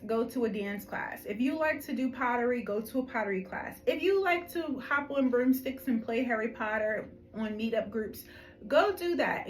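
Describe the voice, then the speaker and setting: A woman's voice: a little high, rough recording. A woman with a Philadelphia accent giving a collective tarot reading to camera, chatty and affectionate, calling viewers honey and checking in with "okay?". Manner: animated, emphatic, frequent "okay?" check-ins. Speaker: tarot reader.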